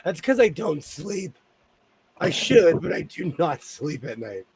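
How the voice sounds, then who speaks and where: A man with a Southern Californian accent hosting a casual group chat about sewing, talking fast and playfully. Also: on the high side, sing-song, a little hiss or hum. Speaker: sewing channel host.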